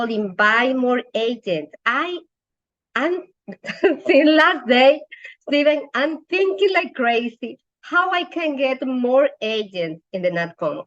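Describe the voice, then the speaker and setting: A woman speaks on a team call with eager enthusiasm, pausing often and filling gaps with "uh." She talks very slowly in a slightly high voice. The sound is dull and lo-fi. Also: fairly bright tone. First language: Spanish. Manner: eager, halting, many fillers. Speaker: sales agent on a team call. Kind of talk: enthusiastic testimony.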